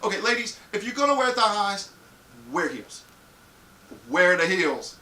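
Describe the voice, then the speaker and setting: A man hosting a live show, giving crude, frank advice to viewers and acting out loud little scenes. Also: sits high, sing-song, a little slow, recorded from a distance. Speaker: live show host answering viewer questions. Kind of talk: casual live-stream advice talk. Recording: echoey room, off-mic, faint hiss.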